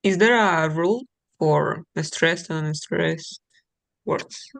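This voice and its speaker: Hesitant student with a gravelly voice. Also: medium pitch, takes it slowly, no room sound. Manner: hesitant, soft short replies with many "mm"s. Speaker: test-prep student. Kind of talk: one-on-one lesson.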